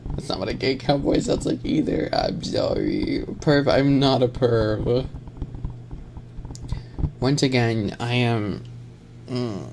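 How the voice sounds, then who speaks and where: A man's voice: medium pitch, very animated, slow, creaky, pauses often. A man streaming on camera, chatting casually in a rambling, jokey way and laughing often. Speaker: ASMR streamer. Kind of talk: casual live-stream chat. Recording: noticeable background noise.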